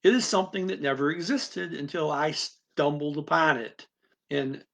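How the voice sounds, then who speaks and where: A man's voice: a little high, normal speed, creaky, a bit bright. A man teaching a language-learning method, explaining it in an unscripted, rambling talk full of restarts and asides.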